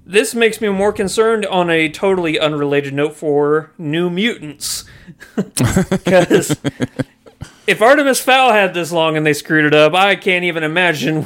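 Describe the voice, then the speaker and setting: A man co-hosting a podcast, sharing blunt, animated opinions on movies and anime. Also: a little high. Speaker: podcast co-host. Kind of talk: casual movie review chat.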